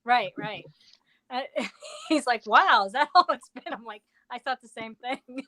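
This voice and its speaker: Chatty giggly woman on a live stream, kinda high voice, dry close sound. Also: lively intonation, unhurried, pushed and bright, no room sound. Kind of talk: casual chat.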